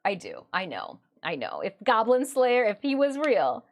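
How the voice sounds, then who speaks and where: A woman's voice: mid-range voice, huge pitch swings, normal speed, muffled recording. A woman from Michigan chatting casually on a livestream, chatty and self-mocking, often breaking into giggles. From Michigan, USA. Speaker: livestreamer and artist.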